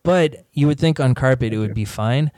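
A man's voice: mid-range voice, moderate pace, a little mellow, no room sound. Dry-voiced man chatting casually. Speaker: podcast co-host. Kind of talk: casual chat.

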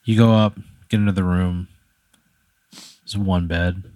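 A man's voice: deep voice, steady tone, unhurried, a little mellow, no room sound. A man improvising a comedic hypothetical story, loose and rambling, checking in with "right?" as he goes. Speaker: podcast co-host posing a hypothetical.

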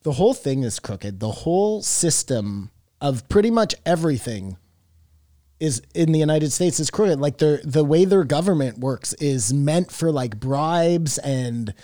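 A man's voice: on the high side, expressive, a little slow, warm tone, dry recording, clean studio sound. A man co-hosting a podcast in casual chat, rambling between thoughts and swearing offhandedly. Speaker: podcast co-host.

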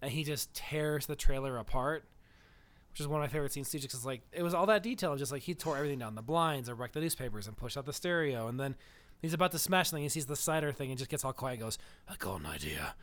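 Brief: man, slightly high voice, lively storyteller acting out quotes in easy chat. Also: quick pace. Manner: animated retelling, acts out quotes. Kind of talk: casual chat.

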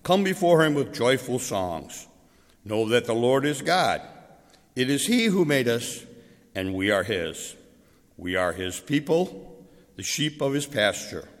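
A man reading a psalm aloud in a measured, solemn way. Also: medium pitch, sing-song. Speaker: scripture reader. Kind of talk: scripture reading. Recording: hall reverb.

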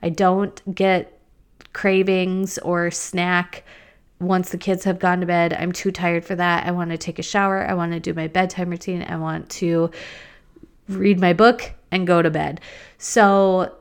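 A woman's voice: on the low side, little pitch movement, a little slow, smooth. A woman in her thirties, a mom and podcaster, in a candid, chatty talk full of "like". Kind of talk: casual chat.

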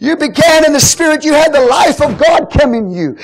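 Man, pastor, very high voice, fiery sermon delivery, shouts often, checks in with the congregation. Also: lively intonation, brisk. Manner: calls out questions to the congregation. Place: church.

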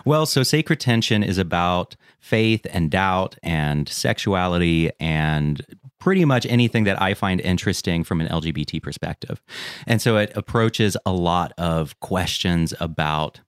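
A man's voice: low voice, expressive, a little slow, clear, resonant tone, no echo, clean studio sound. A man in his thirties guesting on a casual podcast, witty and wry.

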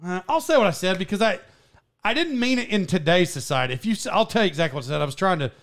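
A man's voice: high voice, lively intonation, very fast, fairly bright tone. A man hosting a podcast, telling a school story in casual chat, rambling and laughing with many restarts. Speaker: podcast host.

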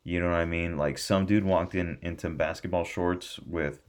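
A man from California hosting a casual podcast chat, rambling, swearing freely and getting animated. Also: deep voice, normal speed. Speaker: podcast host.

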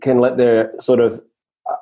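A man's voice: mid-range voice, monotone, normal speed, warm tone. A man hosting a casual podcast chat, rephrasing his guest's points and asking follow-up questions.

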